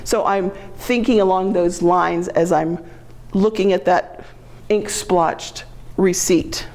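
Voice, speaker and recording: A woman's voice: lowish voice, steady tone, slow, darkish tone. A middle-aged woman giving a lecture to a genealogy class, explaining in a chatty way with frequent ums and self-corrections. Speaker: genealogy presenter.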